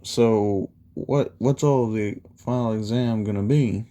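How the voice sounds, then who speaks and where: A man's voice: lowish voice, takes it slowly, dark tone. A man voicing an anxious teenage boy hero student in a rattled, blurting way. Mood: worried.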